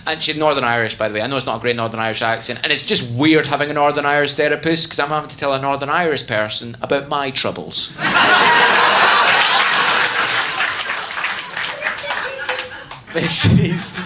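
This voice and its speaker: A man with a Glasgow Scottish accent doing stand-up, telling stories in an animated, laughing way. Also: mid-range voice, fast talker, few pauses, crowd noise, noisy background. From Scotland. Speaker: stand-up comedian. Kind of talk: stand-up comedy. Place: comedy club stage.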